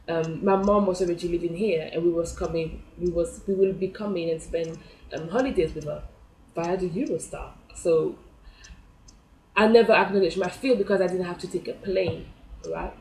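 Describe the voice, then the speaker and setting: A woman's voice: fairly low pitch, moderate pace, darkish tone, slight background noise. A woman, telling a personal story in a chatty way and acting out her own reactions. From France. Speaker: vlogger. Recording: echoey room.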